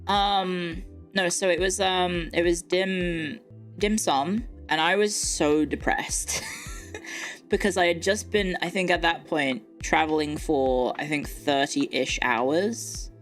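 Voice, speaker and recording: A young woman streamer telling a story in a hesitant, low-key way, full of fillers. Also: fairly even intonation, takes it slowly, faint music behind.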